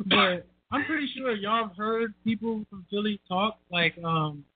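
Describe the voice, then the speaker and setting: A man in a casual group chat, speaking quickly with firm opinions. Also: sits high, breathy edge, no room sound. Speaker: regular panelist. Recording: tinny phone-like line, dry.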